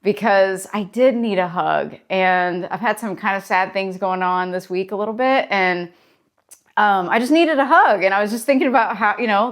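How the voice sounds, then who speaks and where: Recorded on a personal mic, a therapist talks in her daily vlog with a medium-pitched voice. She's chatty and encouraging as she relates a story in a casual manner.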